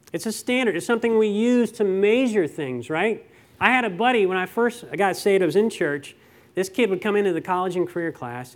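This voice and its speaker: A man with a fairly high voice preaches to his congregation in a loose, conversational way. He keeps asking the room questions and tells homey stories between verses. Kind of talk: sermon.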